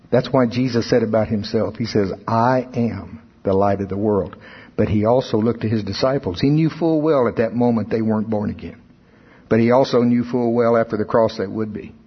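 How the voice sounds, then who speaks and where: A middle-aged preacher, delivering an animated sermon that rises into emphatic outbursts. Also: male voice, lowish voice. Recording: husky voice in a long-reverb hall, dull sound.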